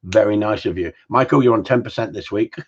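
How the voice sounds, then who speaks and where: A man's voice: fairly low pitch, fast, gravelly, husky. A man hosting a casual live-stream Q&A from home, rambling and joking with mild swearing. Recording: slightly dull lo-fi sound.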